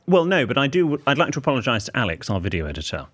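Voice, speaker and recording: A man in his thirties, an etiquette expert co-hosting a casual comic podcast, telling stories in a fussy, animated way. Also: medium pitch, very fast. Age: 30s.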